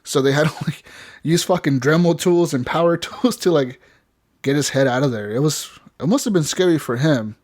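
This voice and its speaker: A man with a slightly high voice talks in loose, rambling casual chat on a gaming podcast. He swears freely and slips into the voices of the people in his story. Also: normal speed, darkish tone. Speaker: podcast co-host.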